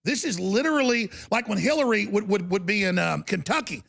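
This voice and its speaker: A middle-aged male talk host with an intensely gravelly, raspy voice pitched on the high side. He talks in an animated, indignant way and stumbles into repeated words when fired up. This is combative political talk-show delivery. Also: a little fast.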